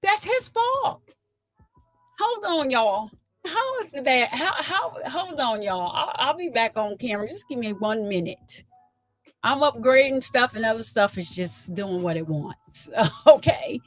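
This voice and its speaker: Woman livestream host, slightly high voice, indignant, casual chat. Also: unhurried, faint music behind. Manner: animated, indignant, chats with viewers.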